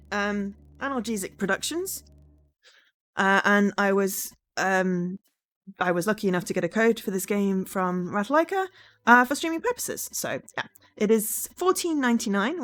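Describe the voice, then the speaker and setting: Chatty woman streaming. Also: medium pitch. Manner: chatty and rambling with many ums. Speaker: charity gaming streamer. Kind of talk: live-stream chat.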